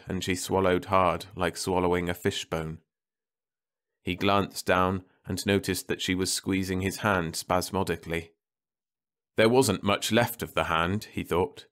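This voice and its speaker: A man narrating a bleak science fiction story in a calm, measured bedtime reading. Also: low-pitched.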